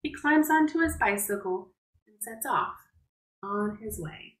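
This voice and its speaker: Slow-reading teacher woman, roomy echo. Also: medium pitch, animated. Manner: gentle, explains words and asks children questions. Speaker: preschool teacher. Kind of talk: reading a picture book aloud to young children.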